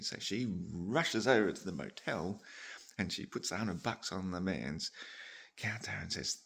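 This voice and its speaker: A man's voice: low-pitched, expressive, unhurried, gravelly, a bit bright, breathy edge. A man, rambling and swearing as he tells a long joke story. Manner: rambling, swears, laughs at own tangents.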